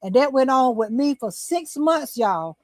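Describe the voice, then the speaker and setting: An older woman tells her story in an animated, storytelling way. Her voice sits a little high, and the recording is dry and close, with no room echo. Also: unhurried. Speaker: talk show host, guest. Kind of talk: casual chat, storytelling.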